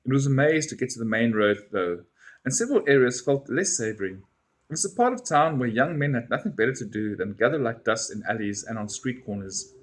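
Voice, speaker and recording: A man reading a first-person story aloud in an expressive way. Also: mid-range voice, fairly quick. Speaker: reader.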